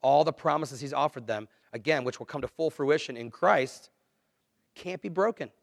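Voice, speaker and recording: Guy preaching a sermon, earnest, chatty, goes quiet then punches lines, dry close mic. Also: fairly high pitch, moderate pace, gravelly, no room sound. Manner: earnest, conversational preaching with dramatic dips and swells. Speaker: pastor.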